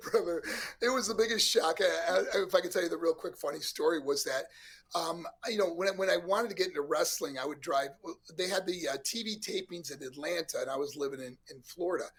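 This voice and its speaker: A man's voice: a little high, brisk, husky. A man in his sixties from New York, a former pro wrestler telling stories as a guest with lots of laughs. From New York, USA. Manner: animated storyteller, laughs often, acts out voices. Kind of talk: casual storytelling interview.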